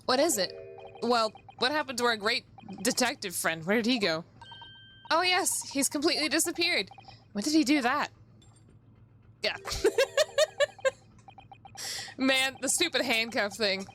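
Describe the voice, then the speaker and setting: A woman's voice: mid-range voice, a bit bright, a little hiss or hum. A woman streaming a video game, chatting casually with her viewers, giggling, and reading the game's lines aloud in playful voices. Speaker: VTuber streamer.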